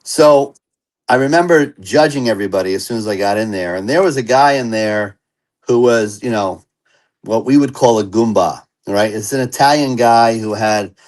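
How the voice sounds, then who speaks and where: A man who is an interview guest, telling his personal recovery story in an earnest and animated way. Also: lowish voice, normal speed, low-quality recording.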